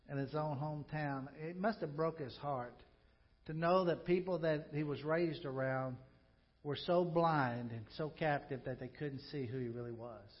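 A pastor with a somewhat high voice preaches conversationally and emphatically, swinging from loud emphasis to quiet reflection and adding joking asides. The audio sounds dull.

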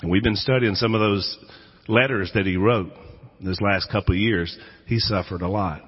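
Husky-voiced male pastor preaching in an echoey hall. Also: on the low side, normal speed. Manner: dramatic storytelling, acting out quoted voices. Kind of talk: sermon. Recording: echoey hall, dull lo-fi sound.

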